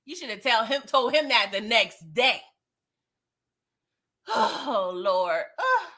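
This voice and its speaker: A woman's voice: on the high side, sing-song, takes it slowly, pushed and bright. A woman hosting a live recap of a TV episode, chatting in a slangy, emphatic way, tagging her points with "okay?" and laughing often. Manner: chatty, keeps asking "okay?". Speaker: TV recap host. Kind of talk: live show recap chat.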